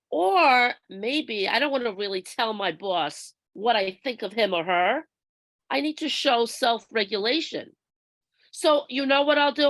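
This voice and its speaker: A woman trainer with a slightly high voice, talking slowly and deliberately as she explains each point. The sound is dry and close, with no room echo, as if heard over a video call. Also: fairly bright tone. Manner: measured, explanatory, acts out workplace examples. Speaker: workshop trainer. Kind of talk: instructional presentation.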